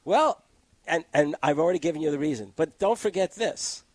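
A man's voice: on the high side, dry recording. A man arguing his case with energy in a casual political discussion, close to a studio mic. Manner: animated, argumentative, quick to laugh. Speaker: political commentator guest.

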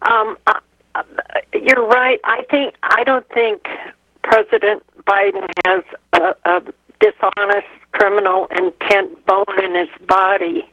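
A man's voice: high voice, level tone, unhurried, pushed and bright, no echo, rough recording. A man calling in to a radio talk show, friendly and hesitant, with many fillers. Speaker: caller.

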